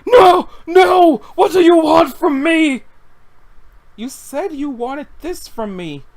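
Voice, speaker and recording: A webcomic reader voicing a frazzled office clerk who is haunted by a duck and shouts in a panic. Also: medium pitch, very animated, normal speed, a crowd in the background, lightly acted. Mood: panicked. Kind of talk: comic read-aloud.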